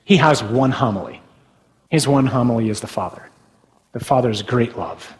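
A man's voice: mid-range voice, expressive, normal speed, long reverb tail, low-quality recording. A man, a Catholic priest, preaching a sermon in a conversational way with tag questions.

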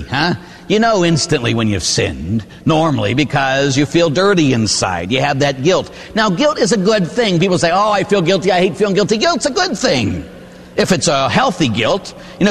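A Catholic priest giving a sermon, telling stories with lively acted-out voices. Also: male voice, high-pitched, in a large hall. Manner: animated storytelling, acts out characters.

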